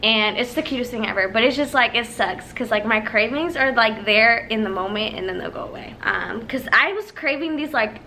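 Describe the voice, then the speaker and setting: A woman's voice: on the high side, lively intonation, a little fast, hardly any pauses, pushed and bright, a little hiss or hum, low-quality recording. A woman in her early twenties chatting casually to her viewers, emotional and laughing as she tells stories. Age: 20s. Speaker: vlogger. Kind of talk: casual chat.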